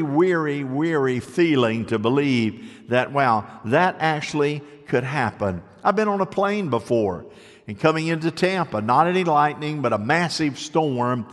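An older male pastor preaching a sermon, telling personal stories in an even, mid-pitched voice. He moves from lively, raised stretches down to soft, hushed ones. The sound carries a long hall reverb.

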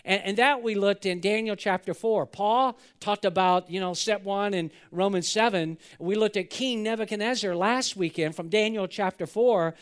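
A man's voice: high-pitched, moderate pace, hardly any pauses, clean tone. A male pastor giving an earnest church sermon, often repeating words and restarting as he drives a point home.

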